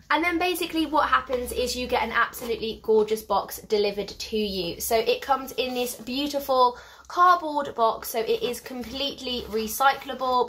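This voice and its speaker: A young woman hosts a cheerful craft unboxing vlog, pitched a touch higher than most. Her voice is a little blocked up and hoarse from a cold. She gushes over everything and keeps apologising for the sound of her voice. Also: a little hiss or hum. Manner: warm, effusive, apologetic asides. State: stuffy and slightly hoarse from a cold. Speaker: craft vlogger.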